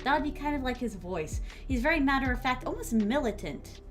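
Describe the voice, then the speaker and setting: A woman's voice: high voice, lively intonation, a little fast, faint music behind. A woman streamer musing aloud as she writes, trying out words and chatting casually with her viewers.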